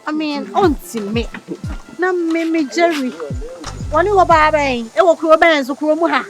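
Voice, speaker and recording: A woman's voice: high-pitched, normal speed, faint music behind. A Ghanaian woman acting in a comedy skit, chatting and mixing Twi with English.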